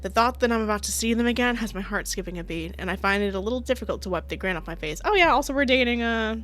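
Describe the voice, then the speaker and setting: A woman's voice: on the high side, lively intonation, fast, a bit bright. A woman streaming a visual novel, reading it aloud with playful, giggly commentary. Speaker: gaming streamer.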